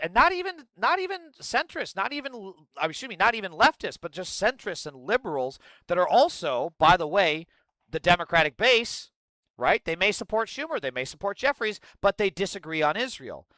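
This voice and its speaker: A man's voice: high-pitched, pushed and bright, no echo. A man giving heated political commentary, blunt, profane and angry.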